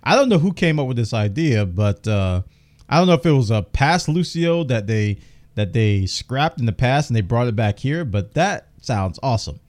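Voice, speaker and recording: A chatty male podcast host who talks over gaming news with real enthusiasm. His pitch swings widely as he gets excited. His voice sounds slightly worn from a long show. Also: normal speed. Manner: enthusiastic, chatty, reads out game details. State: losing his voice, coughing. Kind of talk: casual news commentary.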